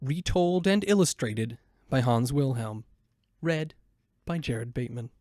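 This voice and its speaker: A man reading a children's storybook aloud in a gentle, measured way. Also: mid-range voice, animated, no echo, studio quality. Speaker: narrator.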